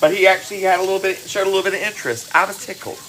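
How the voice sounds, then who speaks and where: A woman's voice: medium pitch, fairly even intonation, racing, a bit bright, a little hiss or hum, poor audio. A woman hosting a cooking livestream, greeting viewers by name in a chatty, affectionate way. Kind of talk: casual live-stream chat. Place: home kitchen.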